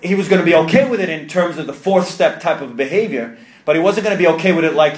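At a meeting, a man with a higher voice tells his personal story to a live audience, fast and full of self-mocking humor. He slips into other people's voices as he goes, and the sound bounces around an echoey room.

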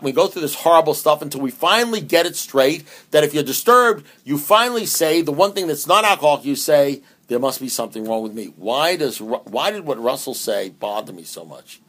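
A man's voice: on the high side, a bit bright. A man giving a humorous, emphatic talk at a recovery meeting, with many restarts and repeated phrases. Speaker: AA speaker.

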